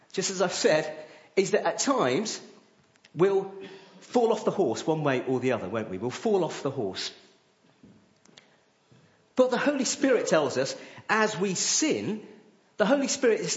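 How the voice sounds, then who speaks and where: A man preaching live to a gathering, using an object lesson and frequent tag questions. His voice is a bit high and swings widely in pitch. The sound is roomy and a little muffled.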